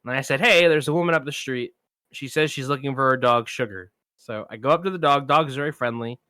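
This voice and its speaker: Bright-voiced man telling a story. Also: mid-range voice, fast talker, dry recording. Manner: animated anecdote teller, acts out quoted voices. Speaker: podcast co-host. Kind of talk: casual storytelling chat.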